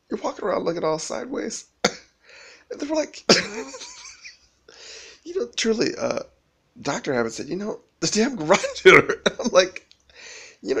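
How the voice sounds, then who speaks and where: Male, rambling and profane, laughs as he goes; fairly high, raspy voice. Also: a bit bright.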